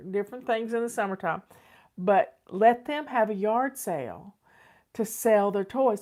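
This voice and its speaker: An older woman with a mid-range, slightly mellow voice hosts a casual advice chat, answering viewer questions. She talks casually and tends to repeat herself.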